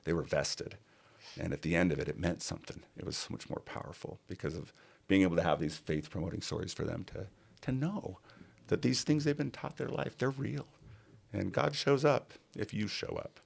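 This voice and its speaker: A man's voice: deep voice, fairly quick, gravelly, slightly rough. A middle-aged man, a podcast guest, telling a personal story in earnest and acting out other people's lines.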